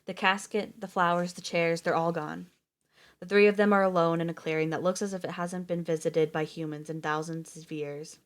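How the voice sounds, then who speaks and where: A woman reading a novel aloud on a live stream, steady with the odd slip and restart. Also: on the low side, moderate pace.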